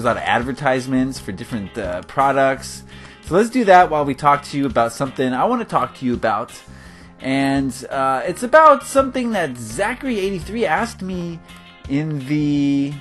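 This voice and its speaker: A man's voice: mid-range voice, a bit bright. A man from California giving casual, rambling commentary on his game build, laughing often. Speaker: gaming video host. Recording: faint guitar music behind.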